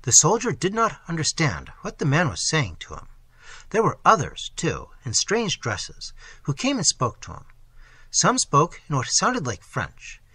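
A man reads a classic story aloud with lively, animated expression. His voice is bright and slightly husky, sitting a little high. It sounds dry and close to the mic. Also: a little slow, no echo. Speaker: audiobook reader. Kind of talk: scripted narration.

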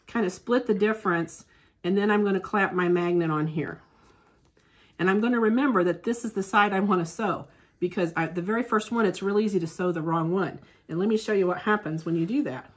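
Woman, lowish voice, quilting teacher demonstrating hand stitching, chatty and down-to-earth. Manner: chatty, homespun, thinks aloud while working. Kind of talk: hands-on sewing demonstration. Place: sewing shop classroom.

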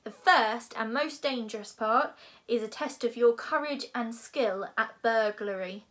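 A woman voicing a huge, loud male Viking drill instructor who barks orders, as a storybook reading. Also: fairly high pitch, a little slow. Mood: bellowing. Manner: bellowing, commanding.

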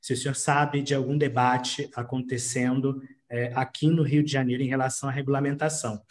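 A man with a Brazilian Portuguese accent moderates a panel, politely summarizing audience questions for a guest. He hesitates often with fillers as he goes. His voice sits at an ordinary middle pitch. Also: level tone, fast talker.

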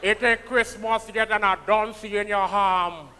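A man doing an impression of a male comedian who teases the audience in a slow, low drawl, with a Trinidadian accent. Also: steady tone, crowd noise, background noise. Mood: teasing. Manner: slow, lower, teasing drawl. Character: impression of a deadpan male comedian teasing the crowd. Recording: live stage with long hall reverb.

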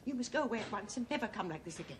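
A woman's voice: mid-range voice, expressive, rapid-fire, a little hiss or hum, lightly acted. A woman playing a prim elderly grandmother. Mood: firm, flustered. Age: older. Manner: prim and clipped, politely firm. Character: proper, reserved elderly English grandmother. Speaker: elderly hotel resident. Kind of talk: 1970s television drama acting.

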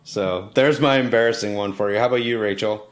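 A man co-hosting a podcast, telling a story in a relaxed, self-mocking, chatty way. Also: on the low side, brisk. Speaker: podcast co-host, opera singer. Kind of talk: casual storytelling chat.

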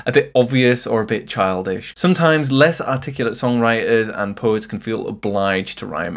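A man's voice: lowish voice, vocal fry. A man narrating a scripted video essay on song lyrics, analytical and wry, with casual asides to the viewer. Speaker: music commentator.

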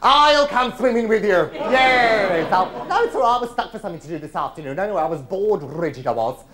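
A man's voice: high voice, animated, brisk, a crowd in the background. A man doing a camp gossipy lad. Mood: camp gossip. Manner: camp, chatty and teasing, swooping emphatic delivery. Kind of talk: one-man stage show monologue. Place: large theatre before a live audience. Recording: live theatre recording with audience laughter.

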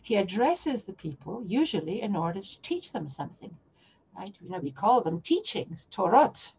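A woman's voice: medium pitch, big pitch swings, normal speed, a little mellow, slight background noise. Questioning woman giving an online lecture. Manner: searching, questioning, many restarts. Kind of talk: lecture on biblical text. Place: online lecture to remote audience.

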